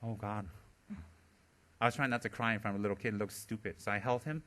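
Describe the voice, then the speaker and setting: A man, a Buddhist teacher, giving a dharma talk as animated storytelling, often laughing and teasing his listeners. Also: on the low side, fast talker.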